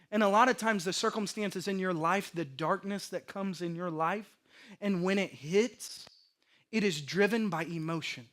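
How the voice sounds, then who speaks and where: High, bright-voiced man preaching a sermon. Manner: animated, acts out panicked inner voices, swings loud and soft. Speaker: pastor. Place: church sanctuary.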